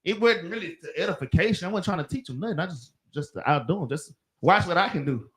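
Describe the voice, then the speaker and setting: A man's voice: sits high, expressive, fast talker. A man with a Southern US accent leading a religious class, telling loose slangy work stories and laughing. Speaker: class leader. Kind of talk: casual teaching chat.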